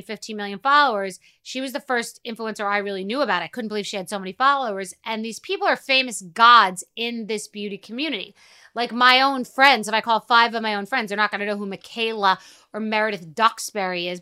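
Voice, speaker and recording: A woman's voice: fairly high pitch, smooth. A middle-aged woman hosting a podcast, talking bluntly and casually with frequent swearing. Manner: blunt, profane, rapid and animated. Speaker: podcast host. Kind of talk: casual monologue.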